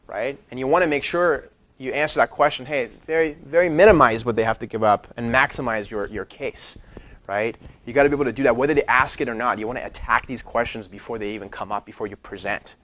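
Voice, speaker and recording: A man giving an energetic training talk to a sales team, who keeps checking in with "right?" and acts out what clients say. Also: mid-range voice.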